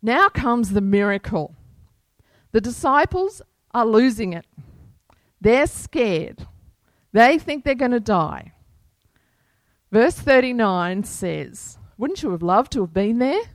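Woman pastor, sermon, slow unhurried delivery, earnest, dry close sound. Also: fairly high pitch, expressive, no room sound. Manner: unhurried, earnest preaching with scripture quotes.

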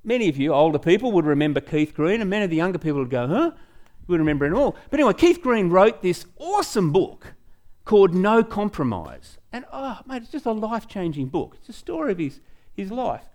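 A man's voice: sits high, a little fast. An Australian man telling a personal faith story to a church group in a chatty way, often breaking off with "anyway". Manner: animated, chatty, trails off with "anyway". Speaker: speaker at a church talk. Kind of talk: storytelling testimony.

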